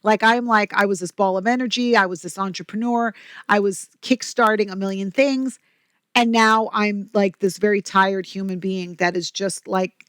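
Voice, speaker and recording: Energetic chatty woman guest, dry sound. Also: mid-range voice, no echo. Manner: energetic, chatty storyteller with quick asides. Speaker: podcast guest, company president. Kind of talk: casual interview talk.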